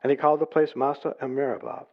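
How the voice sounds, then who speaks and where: A man's voice: little pitch movement, fast. Preacher man with a muffled, lo-fi sound. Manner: reads scripture aloud, rising in pitch and volume for emphasis. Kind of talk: sermon. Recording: dull lo-fi recording.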